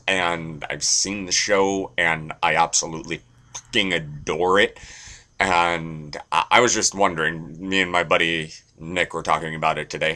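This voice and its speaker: A young man with a low, deep voice rambles to his viewers in a loose, crude way. His tone is bright and forceful, and he pokes fun at himself. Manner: rambling, crude, self-deprecating. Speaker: vlogger. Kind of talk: casual rambling monologue.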